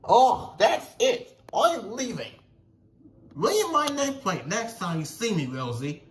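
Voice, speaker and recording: A man's voice: high voice, very animated, takes it slowly, very noisy, pitched above the performer's own voice, exaggerated voice. A man voicing a touchy, cross male engine from a toy train story, drawn out and huffy.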